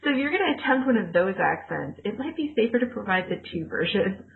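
A woman's voice: mid-range voice, big pitch swings, fast, creaky. A woman co-hosting a podcast in casual chat, talking in a rambling way with lots of fillers. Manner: chatty, rambling with many "like" fillers. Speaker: podcast co-host. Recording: tinny call line.

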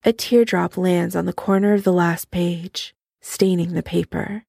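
A woman giving a calm, measured fan fiction audiobook narration. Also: on the low side, gravelly, dry recording, studio quality.

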